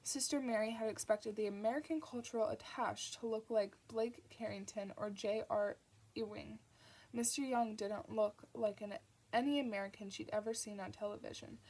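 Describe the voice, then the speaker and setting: A woman reading a novel aloud, with steady narration and small restarts. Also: a little high. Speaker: audiobook reader.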